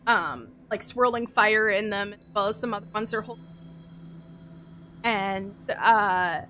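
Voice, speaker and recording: A woman's voice: a little high, pushed and bright, slight background noise. A woman narrating as game master of a tabletop game, rambling with many fillers. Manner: rambling, full of likes and ums.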